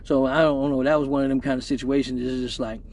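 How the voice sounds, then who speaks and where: A man's voice: mid-range voice, flat delivery, fast, a little mellow. A man who hosts a weekly live show, telling a story in a loose, profane, laughing way with lots of repeats. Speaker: exotic dancer hosting a weekly live show. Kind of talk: casual storytelling on a livestream.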